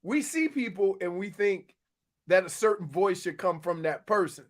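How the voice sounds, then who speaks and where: A man's voice: high-pitched, expressive, moderate pace. A man co-hosting a sports radio show, joking around and laughing often. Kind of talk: casual sports radio chat. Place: radio studio.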